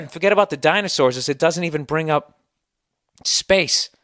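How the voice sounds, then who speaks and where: A man's voice: fairly high pitch, moderate pace, fairly bright tone, no room sound, clean studio sound. A middle-aged man with a Boston accent hosting a podcast, delivering a sarcastic, profane, heated rant. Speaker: podcast host. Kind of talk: ranting monologue.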